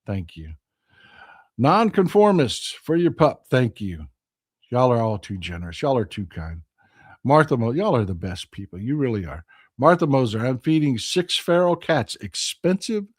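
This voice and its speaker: A man's voice: mid-range voice, darkish tone, no room sound, clean studio sound. A man hosting a live stream, chatting in a folksy, rambling way as he reads viewer comments. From Texas. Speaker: host of a live call-in stream. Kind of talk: casual chat reading viewer comments.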